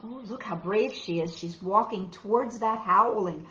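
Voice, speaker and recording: A woman's voice: mid-range voice, moderate pace, reverberant, highs cut off, soft background music. A woman narrating a wordless picture book for a children's storytime, wondering aloud and gasping as she goes. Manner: expressive and wondering aloud, with soft gasps. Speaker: storytime reader.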